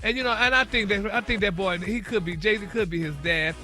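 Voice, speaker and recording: A man's voice: high-pitched, a little fast, pushed and bright, soft background music. A man hosting a radio morning-show gossip segment, chatty and peppering every phrase with "honey" and "y'all". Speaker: celebrity gossip segment host.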